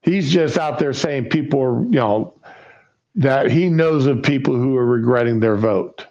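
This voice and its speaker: A man hosts a casual talk stream, speaking at a slow, drawn-out pace. He is folksy and answers his own rhetorical questions. The audio is dull and lo-fi. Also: medium pitch, a little mellow. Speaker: livestream show host. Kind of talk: casual political chat.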